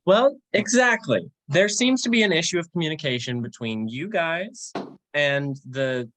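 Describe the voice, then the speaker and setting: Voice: mid-range voice, animated, measured pace, a bit bright. A player at a tabletop game, talking casually and speaking in character in a wordy, self-correcting way.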